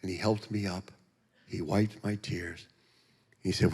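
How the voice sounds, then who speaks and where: A man giving a testimony as a guest speaker in a church, telling it in an animated, joking way and acting out the voices. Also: sits low, measured pace, long pauses, breathy edge. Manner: animated, joking storyteller who acts out voices. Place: church sanctuary. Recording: long church hall reverb.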